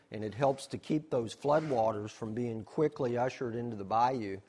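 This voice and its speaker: A man's voice: medium pitch, darkish tone. A man, a nature center staff member giving a slideshow presentation. He explains things step by step, asking questions and then answering them.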